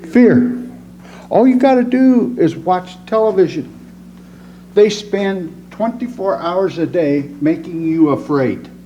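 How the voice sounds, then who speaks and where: A man's voice: high-pitched, slow pace. A man preaching a folksy, plainspoken sermon with jokes in a church. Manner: joking, animated, plainspoken. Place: church sanctuary. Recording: dull lo-fi sound with loud noise.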